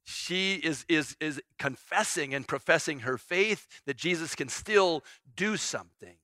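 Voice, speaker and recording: A man's voice: a little high, animated, unhurried, pushed and bright, no echo. A middle-aged man preaching a sermon as pastor, earnest and repeating phrases for emphasis.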